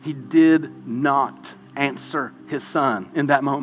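A man preaching a sermon as pastor, impassioned and swinging between hushed and loud passages. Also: a little high, normal speed, few pauses, muffled recording, soft background music. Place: church sanctuary. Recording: long hall reverb.

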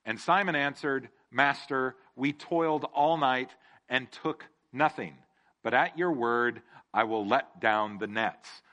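A man's voice: mid-range voice, takes it slowly, bright, forceful tone, muffled recording. A man preaching a casual sermon, joking and asking the room questions. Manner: jokey, asks the room questions. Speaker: pastor.

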